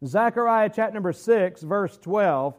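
Here a man with a high voice and lively intonation teaches a Bible study, sounding earnest like a preacher. He reads scripture with measured gravity and slows down sharply, lingering on key phrases to stress them.

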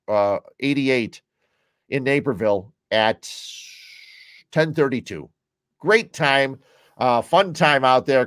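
A man with a Chicago-area American accent hosts his own podcast from home, sipping a beer while chatting casually and wandering from one topic to the next. His voice is medium-pitched, and the studio-quality audio has no echo.

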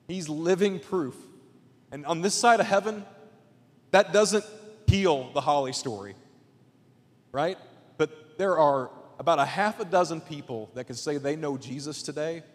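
A man preaching a sermon as a guest pastor in a church, casual and chatty, swinging between loud emphatic points and hushed asides. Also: on the high side, big-room sound. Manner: casual, chatty with fillers and jokes. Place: church auditorium.

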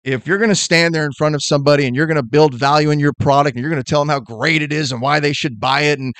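This middle-aged man runs a sales podcast and speaks in a fast, forceful, blunt style, pumping out energetic motivation. His voice is on the high side with a clean tone, and there's no echo.

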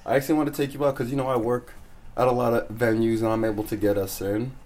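A man's voice: mid-range voice, level tone, fast, a crowd in the background. Teasing man pressing with questions. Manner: pushy, teasing questioner who says "bro" and "man". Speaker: podcast host. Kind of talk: casual chat, interviewing.

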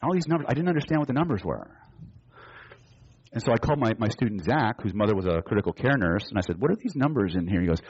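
Husky, low-voiced male trainer, animated storyteller, dull lo-fi seminar recording. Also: fast. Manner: animated storyteller, acts out both sides of dialogue. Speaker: hypnosis and NLP trainer. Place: seminar room with audience.

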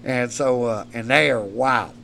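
A man's voice: medium pitch, a little slow, gravelly, a bit bright, slight background noise. A man, a podcast guest telling rowdy, profane stories and laughing as he goes. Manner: profane, laughs mid-story. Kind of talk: rowdy storytelling.

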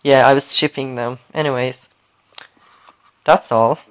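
A man co-hosting a casual podcast chat, campy and teasing, with quick asides. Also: medium pitch, steady tone, a bit bright, clean tone. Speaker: podcast co-host.

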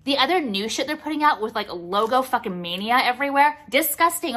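Animated and a bit fast, this vlogger talks with few pauses in a sharp-toned voice on the high side. She's showing viewers her purchases in a casual haul chat, speaking bluntly, swearing, and ranting from time to time.

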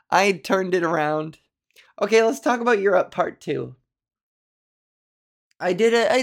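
Podcast host: young woman with a gravelly, vocal-fry edge, swearing freely through a rambling solo rant. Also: on the low side. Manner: profane, rambling, ranting. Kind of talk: casual solo podcast monologue.

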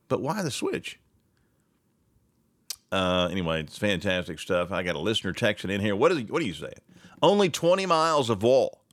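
A man hosting a political talk show, talking in a sarcastic, animated and mocking way. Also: lowish voice, normal speed, no room sound, studio quality.

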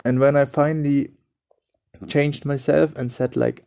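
A man's voice: medium pitch, fairly even intonation, moderate pace, creaky, dark tone. A young man who is not a native English speaker, hosting a solo podcast in an earnest, repetitive way with loose phrasing. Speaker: podcast host. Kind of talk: solo motivational podcast talk.

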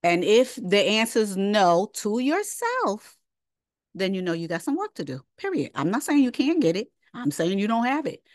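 A woman's voice: mid-range voice, very animated, moderate pace, no echo, studio quality. A woman giving an informal Bible lesson, emphatic and conversational, who repeats her points as rhetorical questions. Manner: conversational, drops into casual asides. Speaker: Bible teacher.

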